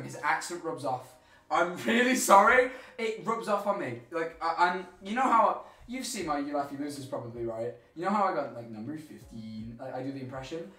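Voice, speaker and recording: A man's voice: on the high side, a bit bright, reverberant. A young man with a Birmingham-tinged English accent, chatting and joking on a live stream. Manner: joking, self-mocking. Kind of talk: casual live-stream chat.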